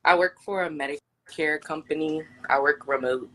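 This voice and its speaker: A woman's voice: low voice, normal speed, a bit bright. A woman in her twenties being interviewed, hesitant and full of fillers. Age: 20s. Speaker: interview guest. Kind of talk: casual interview.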